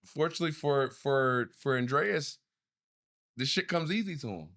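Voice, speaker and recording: A man's voice: a little high, moderate pace, a bit bright, no room sound, clean studio sound. Man telling a heated parenting story. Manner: storytelling, swearing freely, voice rising as he gets worked up. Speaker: podcast co-host. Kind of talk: casual chat.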